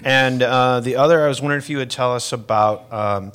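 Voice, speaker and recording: A man's voice: mid-range voice, fairly quick, a bit bright, smooth. Hesitant man asking a question. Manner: hesitant, full of fillers. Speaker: audience member asking a question.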